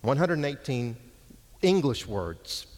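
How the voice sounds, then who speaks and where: A man teaching Hebrew from the pulpit, preaching slowly and emphatically, repeating words for stress. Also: medium pitch, sing-song, a little mellow. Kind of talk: sermon with Bible exposition. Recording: long hall reverb.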